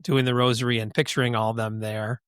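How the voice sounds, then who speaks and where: A man of middle pitch hosts a podcast interview, asking short, gentle follow-ups. His voice sounds dry, with no room echo. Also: little pitch movement, a little fast, clear, resonant tone. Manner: brief, gentle follow-up questions and affirmations. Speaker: podcast host.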